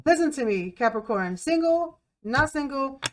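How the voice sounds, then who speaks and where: A woman's voice: high voice, lively intonation, moderate pace. A woman giving a tarot reading to camera in a blunt, emphatic way, repeating herself and swearing freely. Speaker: tarot reader.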